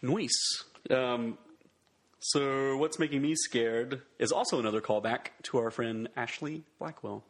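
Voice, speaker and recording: A man's voice: medium pitch, measured pace. A man co-hosting a podcast in casual chat, joking and laughing often. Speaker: podcast co-host.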